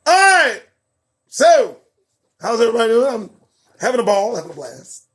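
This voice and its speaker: A man hosting a live commentary show, riffing sarcastically on news items, laughing often and swinging between loud outbursts and low mutters. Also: sing-song, moderate pace, long pauses. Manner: laughs a lot between remarks.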